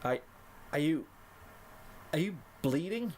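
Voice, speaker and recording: Male reader voicing a sweet squeaky pony filly, pitched way up, thin timbre, storybook cartoon feel. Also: expressive, takes it slowly, a little mellow, slight background noise. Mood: distraught. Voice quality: high squeaky voice. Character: young female unicorn filly, sweet and squeaky.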